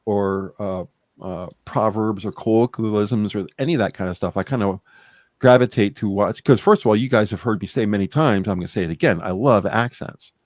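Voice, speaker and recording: A man's voice: lowish voice, a little fast, a little mellow, dry recording, studio quality. A man co-hosting a podcast in casual chat, rambling and blunt, swearing freely. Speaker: podcast co-host.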